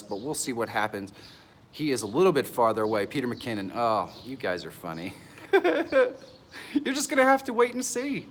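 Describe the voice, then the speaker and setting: An excitable middle-aged man hosting a live stream from an outdoor pavilion, greeting viewers by name and laughing often, a bit nervous. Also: medium pitch, moderate pace, slight background noise. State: nervous and stressed.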